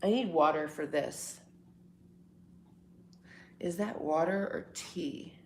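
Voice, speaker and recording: A woman's voice: low-pitched, slow, darkish tone, slight background noise. A woman hosting a casual morning livestream from home, rambling and chatting back to viewers' comments. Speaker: livestream host. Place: home, indoors.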